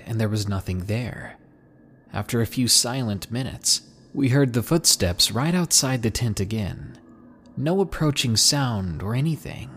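A man with a slightly husky voice reading out submitted camping horror stories in a lively narration, dropping low and hushed at the tense moments. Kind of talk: scripted horror story narration.

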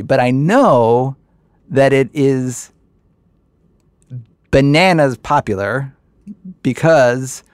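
Thirties male guest, gravelly voice, dry sound, anecdotal storyteller. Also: mid-range voice, no room sound. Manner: anecdotal, drawn-out stresses. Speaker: podcast guest. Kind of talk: casual chat.

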